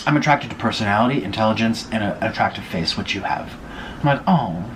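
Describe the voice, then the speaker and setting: A young man talks to his viewers between bites, spilling gossip in a lively, up-and-down voice. The delivery is loose and chatty. A faint hum of the room sits underneath. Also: on the low side, fairly quick. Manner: gossipy, chatty, eating while talking. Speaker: vlogger. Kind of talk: casual mukbang chat.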